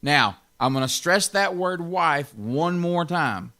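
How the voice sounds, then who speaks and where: A man's voice: a little high, lively intonation, slow, bright, forceful tone. A man pastor giving an informal Bible teaching, stressing key words and chuckling often.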